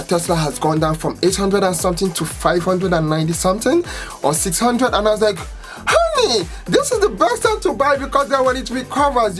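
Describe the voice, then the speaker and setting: A young woman chatting in a casual finance vlog, lively and exclamatory as she acts out her own reactions. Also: lowish voice. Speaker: finance vlogger.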